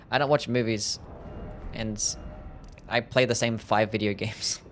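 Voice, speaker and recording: A man's voice: fairly low pitch, a little slow, a little hiss or hum. Laid-back man with a mild Australian accent. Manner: relaxed, jokey, reads and answers chat. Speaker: game streamer. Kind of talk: casual live-stream chat while gaming.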